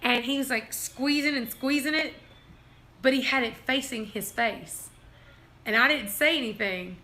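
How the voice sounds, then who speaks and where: A woman's voice: high-pitched, measured pace, pushed and bright. A woman, hosting a casual livestream and telling family stories, laughing often as she talks. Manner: giggly, laughs through her own stories. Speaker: livestream host.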